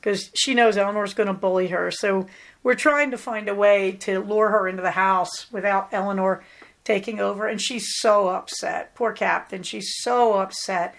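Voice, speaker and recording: A woman's voice: medium pitch, fairly even intonation, normal speed, creaky, a bit bright. A middle-aged woman from Southern California hosting a podcast in a chatty, rambling, affectionate way. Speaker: podcast host. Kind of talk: casual chat.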